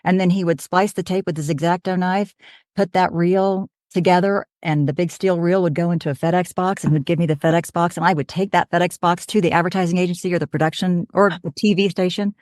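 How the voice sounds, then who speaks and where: A woman in her fifties from Oklahoma, a voiceover artist, telling her story in a chatty, animated way on a podcast. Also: on the low side, fairly quick, no room sound, studio quality. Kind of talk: casual podcast chat.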